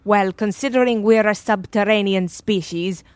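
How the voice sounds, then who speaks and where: A woman playing a brisk female reptile-person careers adviser in a comedy sketch, with a brusque, patronising manner. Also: medium pitch, no room sound, natural voice.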